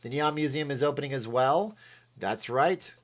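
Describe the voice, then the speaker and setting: A man hosting a casual livestream chats in an ordinary voice of medium pitch at a moderate pace. He rambles excitably, hopping from one point to the next and reading viewers' comments aloud along the way.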